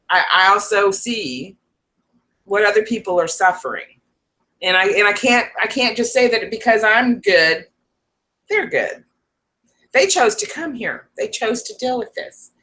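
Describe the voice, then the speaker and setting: A woman speaking on a casual live stream from her home, with a bright, forceful voice. She talks chattily, restarts her sentences and laughs often. Her pitch sits in the middle for a woman. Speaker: psychic livestream host.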